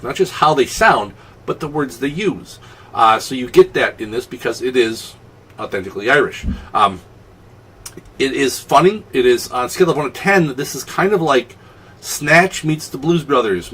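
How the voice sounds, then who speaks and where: Husky man reviewing films, mic set back. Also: medium pitch, bright, forceful tone, far from the mic. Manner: rambling, with many ums and restarts. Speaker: film review host. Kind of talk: casual solo film review.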